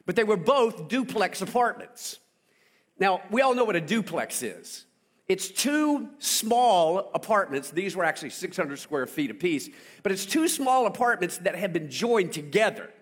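High-voiced animated male preacher. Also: measured pace. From South Carolina, US. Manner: animated storytelling with call-and-response. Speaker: pastor. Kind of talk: sermon. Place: church.

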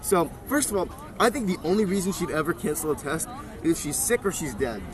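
A man guesting on a podcast, telling stories in an excitable, giggly way. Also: fairly high pitch, fairly quick. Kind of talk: casual chat. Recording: crowd noise behind.

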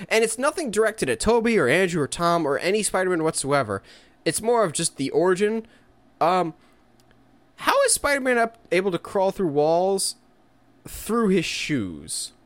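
Lively young man in dry-sounding chat. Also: high voice, no echo. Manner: quick, lively storytelling, jokey. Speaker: podcast co-host. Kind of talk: casual chat.

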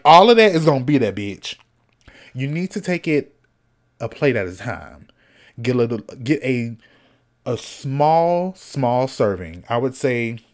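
A man hosting a solo podcast in casual chat, sassy and animated, cussing freely and snacking as he talks. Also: medium pitch. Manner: snacking while talking. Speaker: podcast host.

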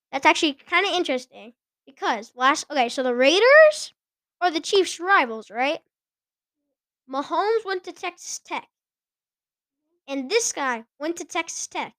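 Woman host, high voice, casual and giggly, often fumbles words, dry close sound. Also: fairly bright tone, dry recording. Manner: chatty, giggly, stumbles over names. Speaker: podcast host. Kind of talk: casual sports chat.

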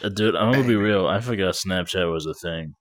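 A man's voice: low-pitched, brisk, no echo. A man co-hosting a podcast, talking in a laid-back way with casual slang. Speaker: podcast co-host. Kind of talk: casual chat.

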